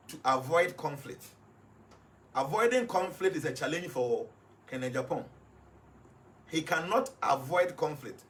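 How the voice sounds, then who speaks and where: A man with a Ghanaian accent appears as a numerology reader on live radio, laying out his points one by one and mixing English with Twi. His voice is a little high and a bit bright.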